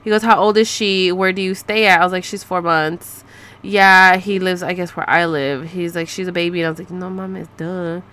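A woman's voice: fairly low pitch, steady tone, fairly quick, few pauses, fairly bright tone, clean tone. A woman in her thirties telling a story in a casual, sassy way, reading out chat messages with profane asides. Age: 30s. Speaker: vlogger. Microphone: close to the mic.

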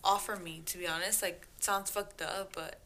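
A young woman telling a party story in a casual chat, animated, profane and quick to laugh. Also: on the low side, slight background noise.

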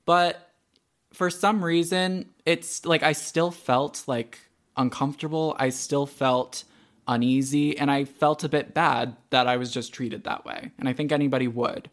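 A young man co-hosting a podcast, telling a story in casual chat, animated and swearing freely with lots of "like" fillers. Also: on the high side, unhurried. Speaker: podcast co-host.

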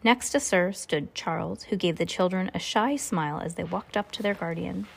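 A woman's voice: fairly low pitch, moderate pace, gravelly, slight background noise. Woman, novel read aloud, casual, small slips and asides. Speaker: reader.

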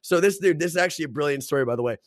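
A man's voice: fairly high pitch, very fast, no echo, studio quality. A young man hosting a casual podcast chat, telling rambling stories full of swearing and "bro". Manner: swears a lot, says "bro" and "dude"; rambling animated storyteller.

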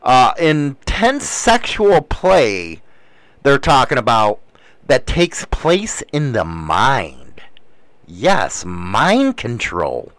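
Older man, show host, crude blunt rant, very lively swinging pitch, dry close sound. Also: very slow, no room sound, rough recording. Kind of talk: casual profane monologue.

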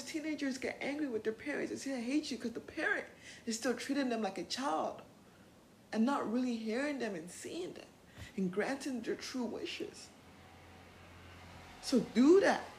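A young woman hosting a self-help podcast, talking in an earnest, animated way, laughing often and swearing casually. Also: high-pitched, normal speed, long pauses, roomy sound, slight background noise, poor audio. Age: young adult. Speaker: podcast host.

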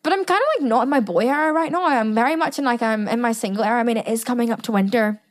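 A young British woman telling a story in a casual monologue as podcast host, animated and swearing freely with chatty asides. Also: fairly high pitch, very fast.

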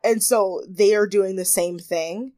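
A woman's voice: medium pitch, steady tone, a little slow, dark tone, no room sound. A young woman co-hosting a podcast, talking casually and animatedly, often quoting people in exaggerated voices and laughing. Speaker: podcast co-host. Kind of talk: casual chat.

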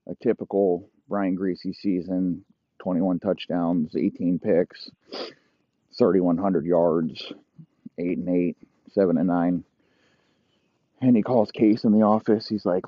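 Husky young man, crude rambling comic storyteller, dry muffled sound. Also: unhurried, long pauses, no room sound. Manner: rambling, crude, drops into low mock voices for characters. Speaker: comedy podcast host. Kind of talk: profane comedic storytelling.

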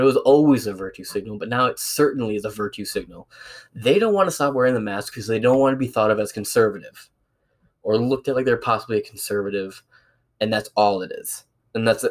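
Casual male host, profane, sarcastic, animated storyteller. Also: on the low side. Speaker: podcast host. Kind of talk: casual ranting monologue.

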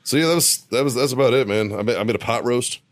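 A man's voice: medium pitch, fast talker. A man co-hosting a veterans' podcast, telling a bar story in casual chat, swearing often and laughing through it. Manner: profane, laughing, animated storyteller. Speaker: podcast co-host.

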